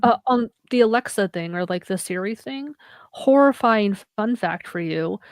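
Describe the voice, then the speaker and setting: A woman's voice: mid-range voice, expressive, moderate pace, no echo, studio quality. A young woman co-hosting a podcast in casual chat, rambling along with many "like" fillers. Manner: rambling, heavy use of "like" as a filler. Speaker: podcast co-host.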